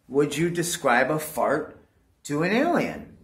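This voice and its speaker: A man's voice: fairly high pitch, big pitch swings, slow, a bit bright. Rambling, profane male vlogger. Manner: rambling, profane, keeps saying "dude". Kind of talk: casual rambling monologue to camera.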